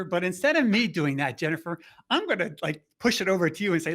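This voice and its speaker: A man hosting a webinar over a video call, talking in a rambling, halting way with many restarts. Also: high-pitched, animated, a bit bright. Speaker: host.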